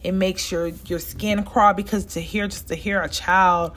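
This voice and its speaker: Her mid-range voice is steady and fairly bright, delivered at a moderate pace. She's a podcast host from the Southern United States giving a casual monologue, talking chattily and directly to listeners she calls "y'all."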